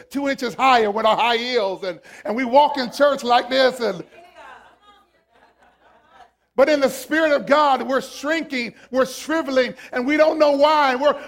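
A man preaching a sermon as a pastor, swinging from hushed lines to shouted ones. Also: extremely high pitch.

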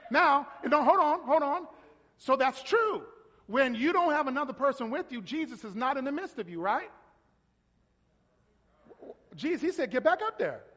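A man's voice: very high-pitched, lively intonation, normal speed, pauses often, fairly bright tone. A man preaching a sermon as pastor, calling on congregation members and prompting them to finish verses. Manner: call-and-response, prompting listeners to finish verses; talks directly to a congregation member. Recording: long reverb of a large hall.

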